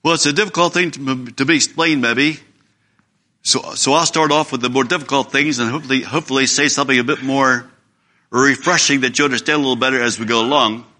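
A man's voice: medium pitch, fairly quick, bright, forceful tone. A man preaching a sermon in an earnest, emphatic way, reading scripture aloud.

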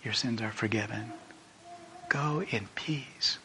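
A man quoting a gentle, calm speaker offering forgiveness, softly, slowly and in a hush. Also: on the low side, vocal fry, a little hiss or hum, voice pushed down, full character voice. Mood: tender. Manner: soft, slow and hushed.

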